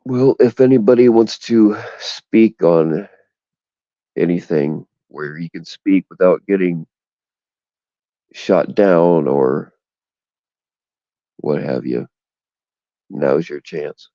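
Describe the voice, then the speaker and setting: A man's voice: low voice, takes it slowly, pauses often, warm tone, no echo, dull audio. A man hosting a casual livestream chat, talking bluntly and profanely in indignant rants, recorded on a phone. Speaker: livestream host. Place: outdoors in the cold.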